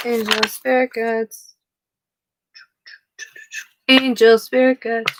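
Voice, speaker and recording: A woman's voice: fairly high pitch, wildly swooping pitch, unhurried, gravelly, pauses often, very noisy. A woman giving a casual tarot reading who rambles off-topic, swears freely and laughs at herself. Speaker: tarot card reader.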